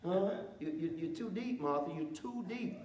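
High-voiced preacher in an echoey church. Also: male voice, animated, normal speed, darkish tone, recorded from a distance, slight background noise. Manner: preaching with humor, calls to the congregation, reading scripture aloud. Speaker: pastor. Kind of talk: sermon.

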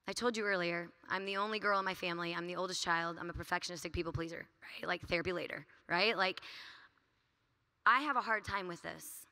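A woman giving an earnest, energetic talk at a youth conference, speaking quickly and casually with frequent "like" and "right?". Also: fairly low pitch.

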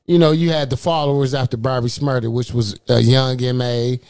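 A man's voice: medium pitch, fairly even intonation, a little mellow, clear, resonant tone, no echo. Rapper guest, man, from Southern California; easygoing and teasing, mid-range voice, dry close mic. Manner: laid-back, playful, drawn-out. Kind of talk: casual radio interview.

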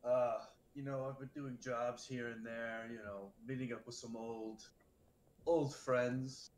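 A man playing his character in a tabletop game, friendly and hesitant, often pausing on fillers. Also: medium pitch, fairly even intonation, darkish tone. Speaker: player. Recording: echoey room with faint noise.

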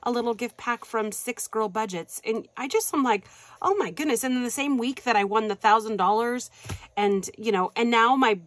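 A woman vlogger chatting casually while unboxing happy mail, gushing and excitable, with frequent gasps and affectionate asides to viewers. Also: on the high side, normal speed, no echo. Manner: affectionate, calls viewers hon and you guys.

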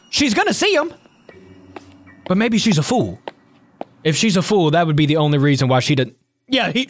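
A gaming reaction host who exclaims excitedly at the action on screen. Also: medium pitch. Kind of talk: reaction video commentary.

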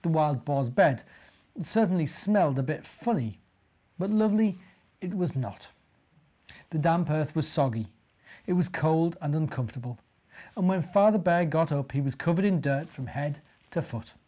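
A man, a minister, gently reading a storybook and talking to young children. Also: on the high side, lively intonation, normal speed.

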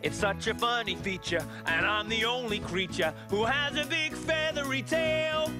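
A woman voicing a shy young male peacock on a children's TV show, in a bright sing-song manner. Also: a little high, moderate pace, over music, natural voice. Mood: worried. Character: shy young male peacock, worried about his big tail. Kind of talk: children's TV storytelling.

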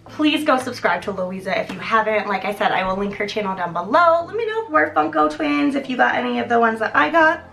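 A high-pitched young woman chats through an unboxing on camera, giggling and gushing. She talks casually and easily slips into excited squeals. There is light music underneath. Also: brisk, gravelly, few pauses. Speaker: vlogger.

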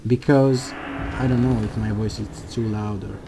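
A man hosting a let's play of a horror game, talking along excitedly, jumping at scares and swearing at them. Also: fairly low pitch, moderate pace, creaky, background noise. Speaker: gaming channel host.

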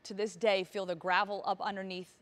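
A woman's voice: mid-range voice, flat delivery, a little fast. Woman telling an emotional life story. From Virginia, US. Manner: emotional, vivid storytelling with acted-out dialogue. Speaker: motivational speaker. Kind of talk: personal story told on stage.

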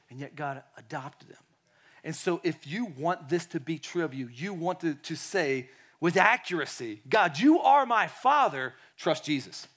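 A man preaching a sermon in a lively way, acting out quotes and dropping to quiet tones. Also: a little high. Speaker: pastor.

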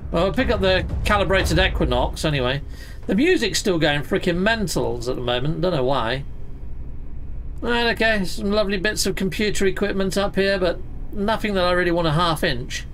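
A man's voice: sits high, lively intonation, moderate pace, fairly bright tone, slight background noise. A man hosting a let's play, chatting playfully as he loots and fights, full of exclamations and mild mock swearing. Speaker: gaming channel host.

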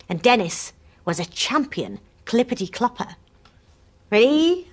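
A woman's voice: a little high, sing-song, measured pace, background noise. A woman telling a story to young children on a preschool show, in a sing-song voice that coaxes them to join in.

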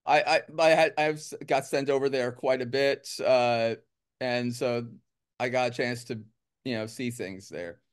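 A man's voice: mid-range voice, steady tone, unhurried, clean tone. A man from the United States, a musician guest, chatting casually in an interview with a rambling, joking, self-deprecating manner.

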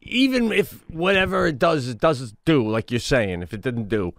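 A man's voice: medium pitch, very animated, moderate pace, gravelly, no room sound, studio quality. A man co-hosting a podcast in casual chat, ranting emphatically and incredulously, swearing and laughing. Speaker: podcast co-host.

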